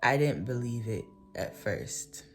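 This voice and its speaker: A woman's voice: extremely low pitch, animated, slow pace, faint music behind. A woman vlogger telling a personal story in a casual, rambling way, full of "like" and "um" and frequent self-corrections. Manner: rambling, filler-heavy, often self-correcting.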